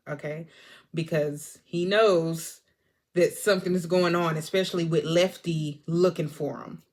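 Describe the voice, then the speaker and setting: Animated woman retelling a movie. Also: deep voice. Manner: animated storyteller, acts out the characters. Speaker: movie reviewer. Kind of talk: casual movie recap vlog.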